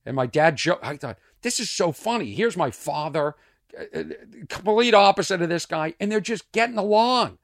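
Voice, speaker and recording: Male podcast host from Boston, animated storyteller with a lilting, up-and-down delivery in a dead-dry room. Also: high voice, moderate pace, no room sound. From Boston, USA. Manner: rambling, animated storyteller with asides and restarts. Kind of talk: casual monologue podcast.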